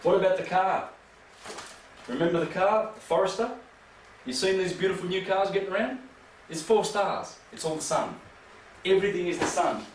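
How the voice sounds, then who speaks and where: A man's voice: high voice, moderate pace, pauses often. Emphatic man lecturing from afar, echoey. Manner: emphatic, rambling, rhetorical questions. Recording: echoey room from far off, faint noise.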